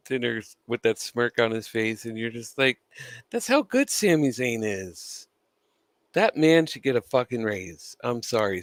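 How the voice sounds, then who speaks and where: Man, mid-pitch, gum in mouth, chatty and profane; dry close mic. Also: dry recording. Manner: chatty, swears freely, laughs between points. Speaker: wrestling news vlogger. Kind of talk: casual opinionated commentary.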